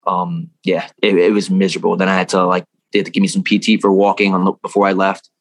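Young male interview guest: quick, low-ish, profane, rambling storyteller; dry close mic. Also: completely flat delivery, dry recording.

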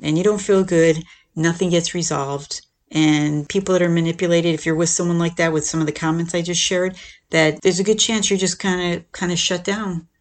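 A podcast host explains ideas about relationships in a relaxed, conversational manner, often adding "right?" and "you know." His middling-pitched voice has a gravelly, creaky edge, and he acts out quoted lines in a lifted, animated tone.

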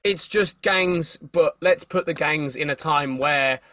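Bright-voiced man rambling about movies. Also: on the high side, takes it slowly, dry recording. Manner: rambling, restarts often, swears casually. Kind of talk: casual chat.

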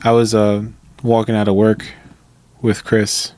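A man's voice: on the low side, completely flat delivery, measured pace, a little mellow. A man co-hosting a podcast in casual chat, laid-back and blunt, swearing now and then. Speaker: podcast co-host.

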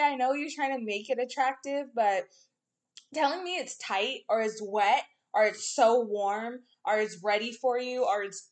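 Young woman podcast co-host, fairly high voice, blunt and animated, acts out quotes. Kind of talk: casual chat.

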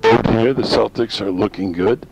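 Here the radio host from northern Maine has a creaky, lowish voice and speaks at a normal speed. His folksy, opinionated rambling comes through dull, lo-fi sound carrying a faint hiss.

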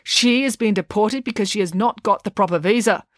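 A woman plays a stiff, officious officer, speaking in a formal, clipped, bureaucratic manner at a fairly quick pace. Her mid-range voice is pitched above her natural one but stays close to everyday speech. The studio-quality recording has no room sound.

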